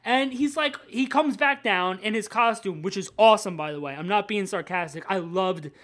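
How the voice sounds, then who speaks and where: Animated swearing woman comic podcaster. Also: medium pitch, moderate pace. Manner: animated, swearing, acts out quotes. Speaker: podcast co-host. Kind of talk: casual chat about comics.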